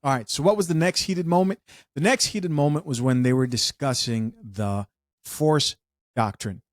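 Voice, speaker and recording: A man's voice: mid-range voice, moderate pace, no room sound, clean studio sound. A man giving casual reaction commentary, talking straight to his viewers. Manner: conversational, addresses viewers directly.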